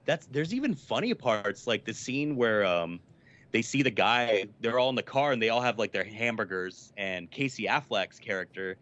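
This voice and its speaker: A man's voice: fairly low pitch, expressive, moderate pace, fairly bright tone. A man in casual, rambling conversation, full of fillers and swearing. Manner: rambling, filler-heavy, profane. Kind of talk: casual chat about movies. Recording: dull lo-fi sound.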